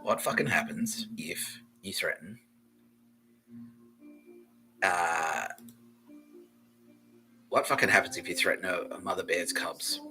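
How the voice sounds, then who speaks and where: A low-pitched man with a tense, forceful edge rambles through a comedy podcast monologue. He swears freely and breaks into laughter mid-sentence, loud and excitable. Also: slow, pauses often, soft background music, poor audio. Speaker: podcast host.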